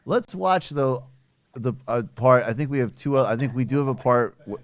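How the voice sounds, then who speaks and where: A man's voice: mid-range voice, steady tone, fast. A man hosting a podcast, joking and rambling in a casual chat, full of restarts and asides. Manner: joking, rambling with self-corrections. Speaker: podcast host.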